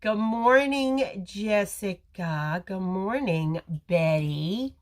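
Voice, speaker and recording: A middle-aged woman hosts a live makeup stream, chatting and rambling to her viewers in a casual tutorial. Her delivery is slow and unhurried, expressive, with lots of pitch swing. She's filmed on a phone camera in a home or salon with a ring light.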